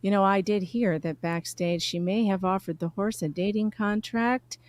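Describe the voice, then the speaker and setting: A woman's voice: medium pitch, fairly even intonation, normal speed, slight background noise. A woman chatting on a live stream, joking and giggling as she talks. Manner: giggly, joking, often laughing mid-sentence. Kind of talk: casual live-stream chat.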